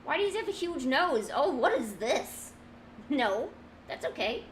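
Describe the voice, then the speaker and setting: A woman's voice: high voice, sing-song, a little slow, slight background noise, low-quality recording. A young woman chatting casually and laughing at herself while she draws, talking to her cat now and then. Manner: giggly, self-mocking, talks to her cat. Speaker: streamer drawing from memory. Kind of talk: casual chat while drawing.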